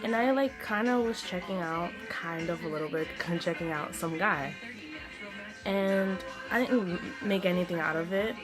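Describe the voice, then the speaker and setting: A young woman telling a story-time vlog in a chatty, animated way, full of "like"s. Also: fairly low pitch, moderate pace. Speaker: vlogger. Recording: music playing behind the voice. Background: music.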